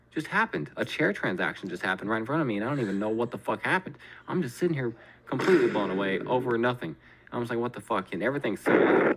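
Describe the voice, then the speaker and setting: Fast-talking, profane man telling a story. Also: on the low side. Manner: profane, animated, acts out his own reactions. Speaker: podcast host. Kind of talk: casual storytelling chat.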